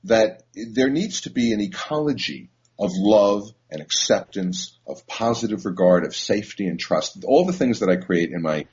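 Deep raspy guy rambling thru a personal story, lots of ums and restarts, muffled lo-fi sound. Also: lively intonation, a little mellow. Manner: halting, many fillers and restarts. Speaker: psychotherapist. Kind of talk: reflective personal talk. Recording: dull lo-fi recording.

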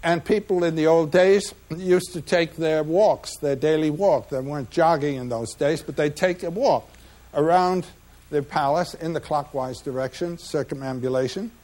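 A man giving a measured, reflective lecture about slides, pausing often with "uh" between phrases. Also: a little high, darkish tone. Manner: measured, reflective, with frequent pauses and "uh" fillers.

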